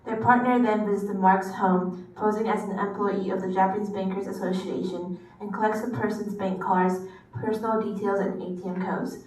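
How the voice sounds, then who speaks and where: A female student reading a text aloud in class, steady with a few stumbles. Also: medium pitch, normal speed, recorded from a distance. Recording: echoey classroom from afar.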